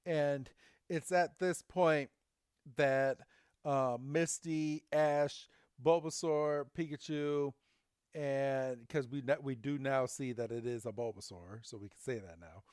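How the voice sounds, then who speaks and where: A man's voice: mid-range voice, slow, clear, resonant tone, no echo, clean studio sound. A man co-hosting a podcast, casually recapping a cartoon episode and animatedly acting out the characters' lines. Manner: animated retelling with silly quoted voices. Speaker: podcast co-host.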